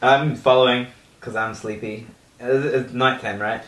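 A man's voice: mid-range voice, steady tone, unhurried, a bit bright, distant mic. A man playing a cleric at a tabletop game, talking casually and playfully and laughing often. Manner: laughing, playful, joking in and out of character. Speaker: player, cleric. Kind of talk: casual tabletop role-play. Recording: echoey room.

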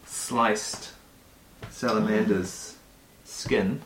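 Male game master, unhurried and hesitant, recorded in an echoey room. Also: lowish voice, steady tone, fairly bright tone. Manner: slow, halting narration with many ums. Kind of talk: narrating a tabletop game. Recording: echoey room with faint noise.

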